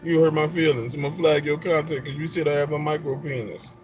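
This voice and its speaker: A man's voice: on the high side, steady tone, fairly quick, darkish tone. Slangy trash-talking man, faint background hum. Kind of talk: casual live-stream chat.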